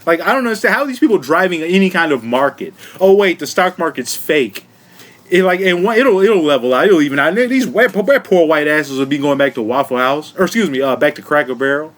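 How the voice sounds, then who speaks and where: A man's voice: fairly high pitch, animated, a little fast, a bit bright. A man giving a comedic commentary rant to his viewers, profane and mocking, laughing often and talking down to them. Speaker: vlogger.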